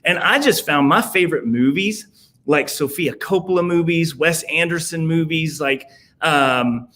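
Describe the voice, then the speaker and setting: A man's voice: fairly high pitch, fairly bright tone. A man with a Southern US accent, a podcast guest talking in a rambling way, full of fillers and restarts. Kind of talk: casual conversation.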